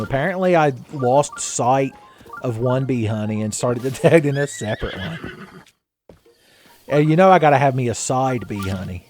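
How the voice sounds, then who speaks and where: A man's voice: mid-range voice, animated, normal speed, a little mellow, a little hiss or hum. A man giving casual, rambling gameplay commentary as a let's play host, joking and laughing often.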